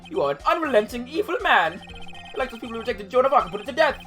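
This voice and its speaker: A woman's voice: medium pitch, big pitch swings, rapid-fire, soft background music, close to an everyday voice. A woman voicing a smug, self-important male witness who talks down to everyone. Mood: indignant. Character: smug pompous male witness, middle-aged.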